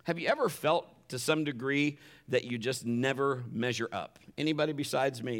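A man's voice: medium pitch, normal speed, fairly bright tone. A pastor preaching a sermon in a conversational way, acting out the voices he quotes.

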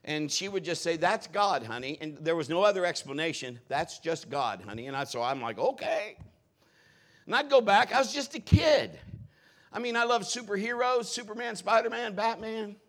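A middle-aged man preaching a sermon as pastor, telling personal stories in an animated, joking way. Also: high-pitched, brisk.

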